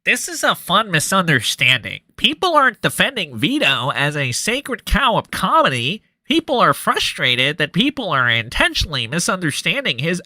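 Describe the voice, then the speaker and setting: A smug, nasal man with a sharp, glaring edge, his pitch leaping all over the place, as a livestreamer mocks him. The sound is dry and close. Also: huge pitch swings, normal speed, few pauses, dry recording, exaggerated voice.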